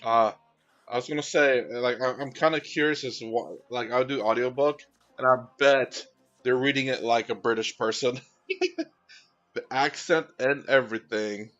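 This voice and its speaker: A man streams himself painting miniatures, chatting easily with viewers in a rambling way full of fillers and restarts. His voice is mid-range and fairly bright with fairly even intonation at normal speed, and faint music plays behind on a dull, slightly lo-fi recording.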